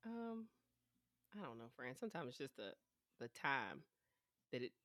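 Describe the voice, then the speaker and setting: A woman in her twenties chats on a podcast in a blunt, profane way, often breaking into laughs as she tells stories. Her voice is bright, and the studio sound is dry and close. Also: rumbling low, sing-song, moderate pace, dry recording. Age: 20s. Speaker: podcast co-host. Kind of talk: casual chat.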